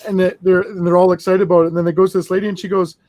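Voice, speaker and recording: A man's voice: high voice, flat delivery, very fast, a little mellow, no echo. A man telling a long funny story in casual chat while building, rambling and laughing.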